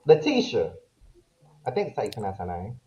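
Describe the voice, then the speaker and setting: A man's voice: fairly low pitch, racing. A man hosting a casual interview show, joking around and using slang. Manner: lively, joking, uses slang. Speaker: show host. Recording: roomy, dull sound.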